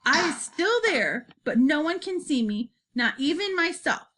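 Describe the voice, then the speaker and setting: A woman voicing an excited, boastful young boy telling his dream in broken grammar. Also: high voice, unhurried, voice pushed up, exaggerated voice.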